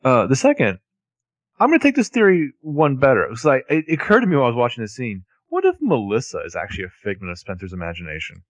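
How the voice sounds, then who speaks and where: Lively, sarcastic man in casual chat. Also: medium pitch, fast, no room sound. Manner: animated, sarcastic, lots of "like". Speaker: podcast co-host.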